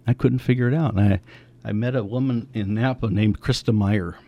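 A man in his seventies telling his family's story in a conversation, lively and acting out the voices of people he quotes. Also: fairly low pitch, a little fast, gravelly, highs cut off. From United States. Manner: animated, acts out quoted voices.

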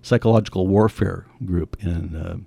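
A man in his seventies telling his family's story in a conversation, lively and acting out the voices of people he quotes. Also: low voice, normal speed, vocal fry, slightly rough, no room sound. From United States. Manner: animated, acts out quoted voices.

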